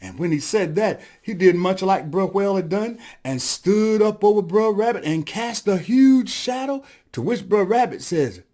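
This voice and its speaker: A man telling a folktale as a storyteller, lively and addressing the audience, adding sound effects as he goes. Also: sits high, normal speed, hardly any pauses.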